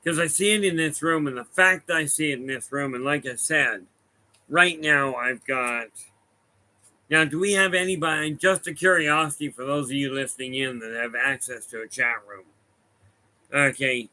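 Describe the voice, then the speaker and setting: A man's voice: fairly high pitch, steady tone, moderate pace, bright, forceful tone, rough recording. A man talking as a medium, telling rambling anecdotes to a room and online viewers, often correcting himself. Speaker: medium giving a talk. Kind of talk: casual storytelling talk to a room and online viewers. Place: room with a live audience.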